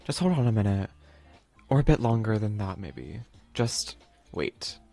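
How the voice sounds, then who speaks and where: A man voicing the Grim Reaper, a calm, aloof male spirit in a dating game, with a low, flat and dry delivery. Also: unhurried, vocal fry, soft background music, heavily acted. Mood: dry teasing.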